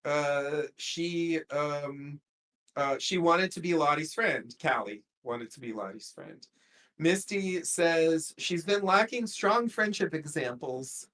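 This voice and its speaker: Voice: mid-range voice, animated, slow, a bit bright. A podcast co-host recapping a TV episode in casual chat, rambling with lots of fillers and trailing asides.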